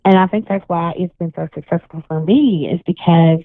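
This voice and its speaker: A woman's voice: on the low side, normal speed, no room sound. A woman guest on a radio call-in show, telling a long rambling story full of restarts. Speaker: guest psychic and paranormal investigator. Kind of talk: casual radio chat. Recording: tinny phone line, dry.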